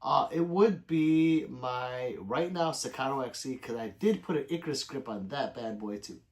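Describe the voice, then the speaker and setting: A man's voice: mid-range voice, normal speed. A man hosting a casual livestream, reading viewer comments aloud and breaking into playful meows, woofs and growls, with some casual swearing. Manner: laid-back, swears casually. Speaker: livestream host reading chat. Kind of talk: casual live-stream chat.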